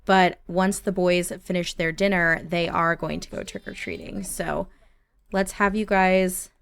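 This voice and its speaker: A woman's voice: lowish voice, unhurried, vocal fry, fairly bright tone, clear, resonant tone. A woman hosting a gaming channel, chatting casually and reacting aloud as she narrates her gameplay.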